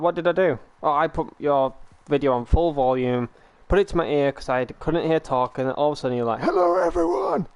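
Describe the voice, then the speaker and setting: Man, streamer, smooth clear voice, casual chat. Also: medium pitch, no echo. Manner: storytelling, quick and playful. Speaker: streamer host.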